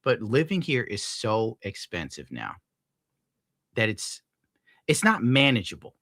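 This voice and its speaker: A man ranting casually on his stream at home, swearing, laughing often and scolding his dog loudly between points. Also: medium pitch, sing-song, measured pace, dry recording. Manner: profane, rambling, laughs often. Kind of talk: casual rant on a live stream.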